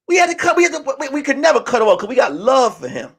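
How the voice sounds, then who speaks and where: A man from Brooklyn telling a funny story in street slang, swinging between shouting and hushed near-whispers. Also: extremely high pitch, very animated, racing, creaky, hardly any pauses, slightly rough. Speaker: host. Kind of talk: comedic storytelling.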